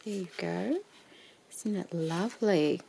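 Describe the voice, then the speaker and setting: Slow, gravelly-voiced woman gushing softly. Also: lowish voice, slight background noise. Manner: gushing and admiring, often sinking to a soft whisper. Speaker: craft vlogger. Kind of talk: casual show-and-tell haul.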